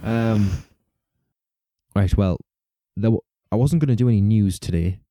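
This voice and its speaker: A man with a low, very dark and mellow voice hosts a casual true-crime podcast. He rambles, laughs often and swears casually. The sound is dry and close, with no room echo. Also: a little slow. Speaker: podcast host.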